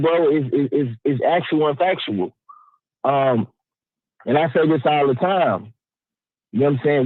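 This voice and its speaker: A man's voice: medium pitch, dry recording. A man calling in to a sports talk show, giving a heated, profane opinion rant. He stammers through restarts and keeps checking in with the listener. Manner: emphatic, profane, stammering restarts, keeps asking "you know what I'm saying". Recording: dry tinny phone line.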